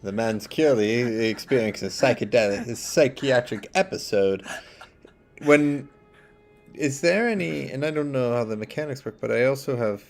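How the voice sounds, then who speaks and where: A man's voice: mid-range voice, normal speed, creaky, soft background music. A man speaking as a player in a tabletop horror game, thinking aloud and asking questions. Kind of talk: casual tabletop game talk.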